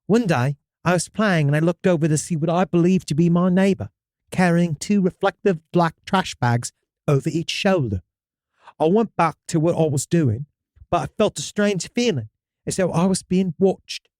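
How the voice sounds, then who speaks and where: A man's voice: a little high, moderate pace, a little mellow, dry recording, studio quality, close to an everyday voice. A man reading a listener's story aloud, voicing a man who tells of a childhood Mothman sighting in a put-on English accent, with dramatic outbursts. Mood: spooky storytelling.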